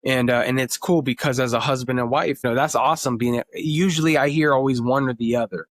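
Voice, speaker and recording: A man's voice: mid-range voice, fairly even intonation, a little fast, dry recording, clean studio sound. A man in his thirties, a podcast guest, telling family stories in an earnest, emotional way. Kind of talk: casual interview talk.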